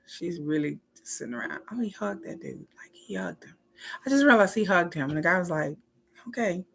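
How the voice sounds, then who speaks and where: A woman's voice: lowish voice, animated, fast talker, vocal fry, a bit bright. A woman chatting casually on a home livestream, reacting and often acting out other people's lines. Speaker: live watch party streamer. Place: home, indoors.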